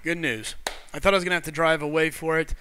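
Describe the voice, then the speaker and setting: A man's voice: a little high, fairly even intonation, fast, pushed and bright, a little hiss or hum. A man with a Missouri twang, hosting a casual live game stream and chatting with viewers in a friendly way. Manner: chatty, friendly, reads viewer comments aloud.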